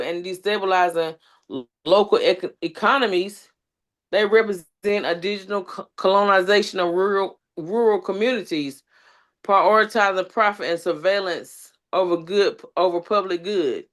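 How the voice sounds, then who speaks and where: Earnest woman speaking as an organizer. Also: mid-range voice. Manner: earnest, builds long lists, frequent fillers. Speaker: community organizer and panel speaker; substitute teacher. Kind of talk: impassioned panel talk.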